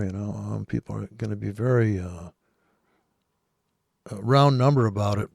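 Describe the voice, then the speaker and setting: Male trader talking over charts, gravelly voice, dry close mic, rambling and sarcastic. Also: fairly low pitch, normal speed, darkish tone, dry recording. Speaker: forex trader. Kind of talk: casual screen-share trading commentary.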